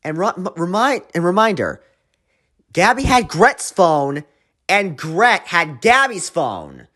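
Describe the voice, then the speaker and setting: A man hosting his own channel, giving an exasperated, swearing rant that swings between quiet grumbling and loud outbursts. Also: high voice, sing-song, slow. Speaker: channel host reviewing a cartoon episode. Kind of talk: ranting commentary.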